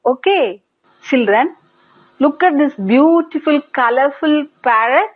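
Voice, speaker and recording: A woman's voice: high-pitched, animated. A woman with an Indian English accent teaching young children English on TV, prompting them to repeat words and praising them often. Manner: slow, sing-song prompting with repeated praise. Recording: tinny phone-like broadcast audio.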